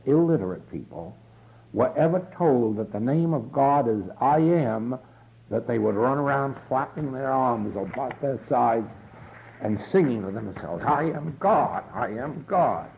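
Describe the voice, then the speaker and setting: A man giving a slow, earnest spiritual lecture in a church hall, from a 1950s archival tape recording. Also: medium pitch, animated, vocal fry, lo-fi sound, a little hiss or hum. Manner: slow, earnest, deliberate delivery. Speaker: spiritual teacher.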